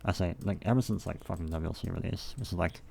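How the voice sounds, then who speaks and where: A man's voice: sits low, fast talker, creaky, dark tone. A young man thinking aloud while building a game level, rambling and swearing to himself in casual, profane self-talk.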